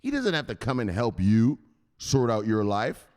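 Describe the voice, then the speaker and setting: A man's voice: fairly low pitch, very animated, moderate pace, darkish tone. A man hosting a crypto news show, talking casually, joking, swearing and laughing often. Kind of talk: casual vlog commentary.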